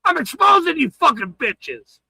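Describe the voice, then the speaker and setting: Male streamer, angry profane rant, sharp bright voice, lively pitch swings. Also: moderate pace, vocal fry, no echo, poor audio. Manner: profane, taunting, swings between shouting and muttering. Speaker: livestream host. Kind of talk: angry ranting livestream.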